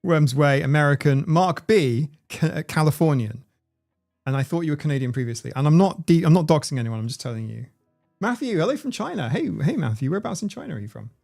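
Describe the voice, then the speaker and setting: A man's voice: a little high, lively intonation, brisk, vocal fry, a little mellow, soft background music. A man, hosting a casual livestream and reading out viewers' comments in a chatty, playful way. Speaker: livestream host.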